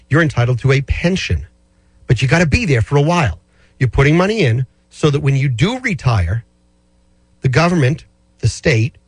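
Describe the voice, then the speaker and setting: A man chats on a radio show, rambling along with fillers and restarts. He sits close to a dry studio mic. His pitch sits in a middle range. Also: husky, no room sound. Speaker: radio show host answering listener finance questions. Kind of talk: casual radio chat.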